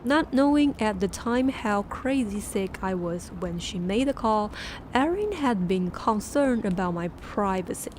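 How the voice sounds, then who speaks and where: A woman, a Mandarin speaker, reading a book aloud on a stream with halting restarts and chatty asides. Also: medium pitch, darkish tone, a little hiss or hum. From Taiwan. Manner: laughing asides between passages.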